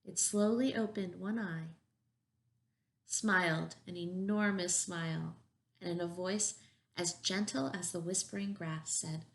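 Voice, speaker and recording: A woman reading a picture book aloud at a children's story time as a preschool teacher, gentle and encouraging. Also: lowish voice, fairly even intonation, measured pace, creaky.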